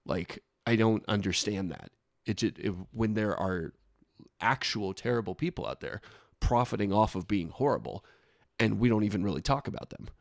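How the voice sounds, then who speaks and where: A man in his thirties hosting a casual reaction video, talking haltingly with frequent restarts and laughs between thoughts. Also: on the low side, expressive, creaky, no room sound, studio quality. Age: 30s.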